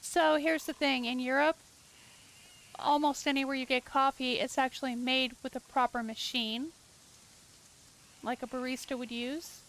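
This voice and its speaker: A woman's voice: high voice, steady tone, normal speed, long pauses, fairly bright tone. A middle-aged woman hosting a livestream, chatting casually and teasing her co-player while gaming. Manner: playful, teasing, opinionated. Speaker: livestream host.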